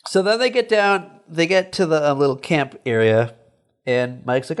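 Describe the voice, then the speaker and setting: A man's voice: moderate pace, smooth. A man co-hosting a podcast, casually recapping an old sitcom episode in a rambling, profane way. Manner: rambling, profane, acts out characters in high voices. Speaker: podcast co-host.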